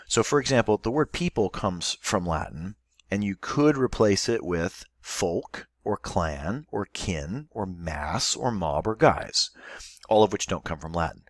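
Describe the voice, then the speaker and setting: A man's voice: low-pitched, no echo, studio quality. A male teacher giving a recorded online class lesson, explaining step by step and thinking aloud as he goes.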